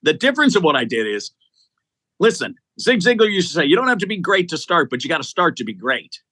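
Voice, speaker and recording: A man in his sixties spins stories as an interview guest, piling up restarts as his enthusiasm runs ahead of him. His voice is bright and forceful, and the close mic keeps the sound dry. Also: fairly high pitch, very animated, fast talker, dry recording. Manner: enthusiastic, tumbling sentences with many restarts. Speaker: interview guest, executive recruiter. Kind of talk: conversational storytelling.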